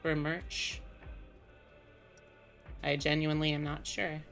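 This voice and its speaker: Low, unhurried woman streamer. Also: little pitch movement, faint music behind. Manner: rambling, musing aloud with many fillers. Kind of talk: casual live-stream chat while playing.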